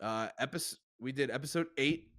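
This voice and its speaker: In a casual podcast conversation, a man from around Chicago tells wandering stories sprinkled with dry profanity. He speaks at a moderate pace, with a medium-pitched, fairly bright voice.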